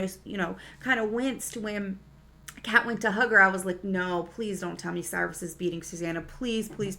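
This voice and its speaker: Speaking in a mid-range voice that sounds pushed and bright, a female TV series reviewer runs through an episode recap. Her review is casual, chatty and eager, packed with fillers.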